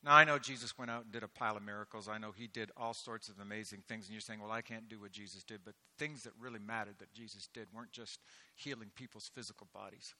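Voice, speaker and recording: A man preaching a sermon, swelling into loud, emphatic delivery with rhetorical questions. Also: fairly low pitch, fairly even intonation, quick pace. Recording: echoey hall with long reverb.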